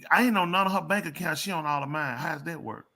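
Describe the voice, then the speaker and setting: A man's voice: a little high, fast talker. A man hosting a live call-in show, joking and teasing, a bit congested. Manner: joking, teasing, loud playful outbursts. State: congested sinuses. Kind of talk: casual live call-in banter.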